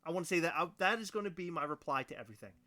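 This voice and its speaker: A man's voice: on the high side, expressive, racing, sharp tone. A man co-hosting a casual chat show, playful and teasing, with big exaggerated reactions. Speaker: podcast co-host.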